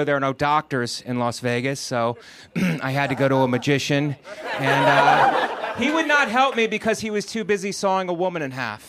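This middle-aged comic, pitched fairly high, delivers his set punchily, erupting into loud rants now and then. He softens into calm, measured reflection at times, and the recording is very noisy.

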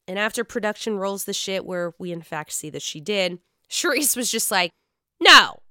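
A woman hosting a casual recap chat, talking in a chatty, profane and animated way. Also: medium pitch, moderate pace, no echo, clean studio sound. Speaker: podcast host recapping reality TV.

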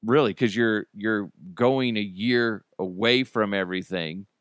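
A man's voice: fairly low pitch, unhurried, fairly bright tone, clear, resonant tone, dry recording, clean studio sound. A man hosting a podcast, riffing on news stories in a blunt, profane, laughing way. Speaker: podcast host. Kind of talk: casual news commentary.

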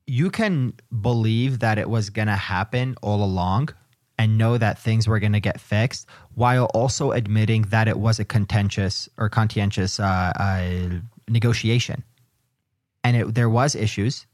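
A man's voice: mid-range voice, no echo, studio quality. A man co-hosting a sports podcast, making his points in an emphatic, argumentative way. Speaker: podcast co-host. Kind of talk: casual sports podcast chat.

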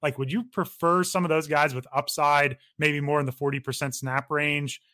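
Male podcast co-host, bright slightly high voice, dry close mic, quick casual analysis. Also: fairly even intonation, dry recording. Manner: quick, conversational analysis with frequent restarts. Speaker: fantasy football podcast co-host.

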